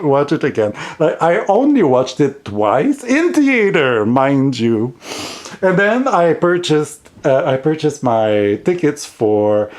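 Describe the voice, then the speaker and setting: Animated, giggly man with a heavy accent. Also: medium pitch. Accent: heavy non-native English accent. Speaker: tarot vlogger. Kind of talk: casual chatty monologue.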